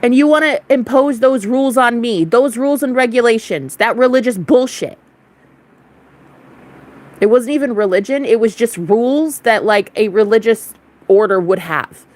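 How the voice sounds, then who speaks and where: Young woman, spiritual vlogger, blunt, defiant, profane, casual rant, slightly high voice. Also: normal speed, a little mellow.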